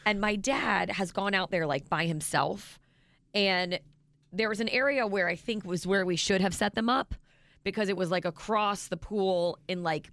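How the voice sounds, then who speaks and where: A woman's voice: mid-range voice, moderate pace, fairly bright tone, no echo. A woman co-hosting a radio show, telling a rambling story in casual banter.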